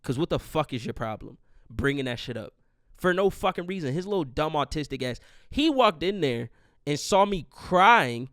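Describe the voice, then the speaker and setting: A man's voice: sits high, very animated, moderate pace, fairly bright tone, dry recording, studio quality. A young man hosting his podcast alone, in a profane, rambling rant. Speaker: podcast host. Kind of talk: casual solo monologue.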